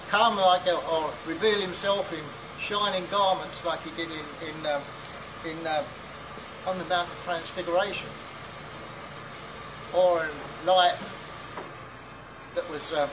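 A man preaching a sermon at a conference, halting and pausing, with fillers. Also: a little high, background noise. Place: conference hall.

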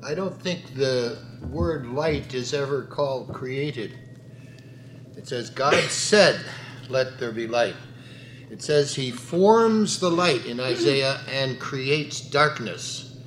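Guy slowly making a point at bible study, echoey room, faint hum behind. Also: mid-range voice, animated, fairly bright tone.

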